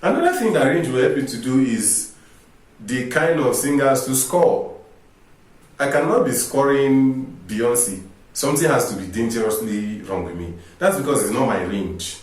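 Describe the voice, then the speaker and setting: A man gives an informal singing lesson, explaining step by step and asking rhetorical questions. His voice sits at a middle pitch for a man. He is recorded from a distance in a strongly echoing room. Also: lively intonation, normal speed. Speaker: vocal coach. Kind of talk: informal teaching talk to camera. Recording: echoey room, distant mic.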